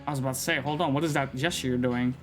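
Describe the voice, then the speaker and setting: A man streaming a game live, reading its text aloud and reacting in a casual, excitable way. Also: medium pitch, very fast, soft background music. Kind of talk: live gameplay commentary.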